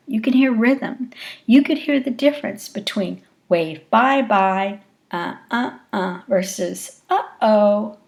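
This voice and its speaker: Slow, gravelly-voiced woman lecturer. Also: mid-range voice, darkish tone. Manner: slow, deliberate explaining with acted example phrases. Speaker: lecturer on speech acoustics. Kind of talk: recorded lecture.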